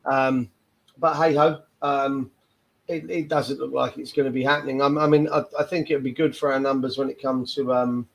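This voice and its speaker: A man hosting a casual football fan podcast, often pausing and restarting his sentences. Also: medium pitch, steady tone, gravelly, poor audio. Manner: hesitant, restarts with repeated words. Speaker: podcast host. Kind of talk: casual chat.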